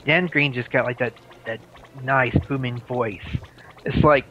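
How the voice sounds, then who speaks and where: A man's voice: mid-range voice, fairly even intonation, unhurried, sharp tone. A man talks casually while hosting a video game let's play, rambling and restarting his sentences as he goes. His voice comes through a dull, lo-fi capture, and faint game music plays underneath. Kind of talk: casual gaming commentary.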